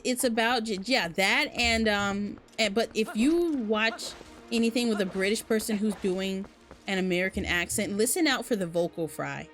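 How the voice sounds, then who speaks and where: A woman's voice: mid-range voice, fairly bright tone. A young woman with a Southern US accent, giving rambling, chatty commentary while she plays a video game. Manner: chatty, rambling, many fillers. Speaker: game streamer. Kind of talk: casual gaming commentary.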